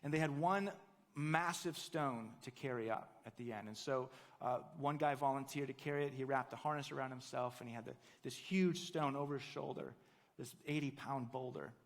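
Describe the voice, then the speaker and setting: A pastor preaching a sermon, telling a story earnestly and building to fervent emphasis. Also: male voice, mid-range voice, moderate pace, long reverb tail.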